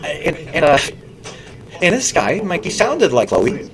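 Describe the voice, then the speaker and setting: A man's voice: a little high, wildly swooping pitch, a little slow, crowd noise, low-quality recording. A man streaming, rambling through stories in a casual monologue, often laughing and mimicking others.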